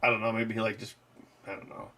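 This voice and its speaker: A man's voice: on the low side, flat delivery, fast talker, sharp tone. A man hosting a live stream, chatting casually with viewers in a rambling, loose way with lots of fillers. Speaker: livestream host. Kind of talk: casual chat answering live chat.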